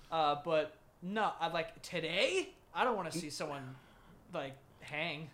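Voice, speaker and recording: A man co-hosting a comedy podcast, riffing in animated, laughing, crude banter. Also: fairly high pitch, a little slow. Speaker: podcast co-host.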